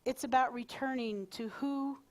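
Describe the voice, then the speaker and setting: A woman's voice: high voice, fairly even intonation, moderate pace, a little mellow. A woman minister giving a live sermon to her congregation, talking in a conversational, playful way with asides to the crowd. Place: spiritual center service in front of a congregation.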